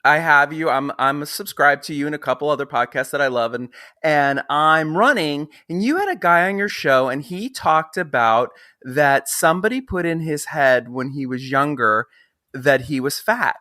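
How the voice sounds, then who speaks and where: A man in his fifties interviewing a guest in a casual chat, telling a long personal story in a rambling, animated way with many restarts. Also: fairly high pitch, normal speed, no room sound, studio quality. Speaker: podcast interviewer.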